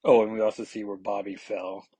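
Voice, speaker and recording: A man's voice: lowish voice, flat delivery, fairly quick, dark tone, breathy edge, dry recording, low-quality recording. A man hosting a podcast, casually recapping a comic book issue in a rambling, filler-heavy way and briefly acting out characters' lines. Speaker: podcast host.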